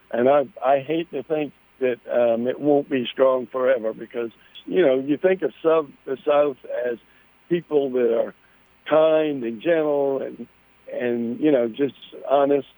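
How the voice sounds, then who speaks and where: Male call-in listener from Charleston, mellow soft-spoken voice, dry. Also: medium pitch, dry recording, poor audio. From Charleston, South Carolina. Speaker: caller. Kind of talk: call-in chat.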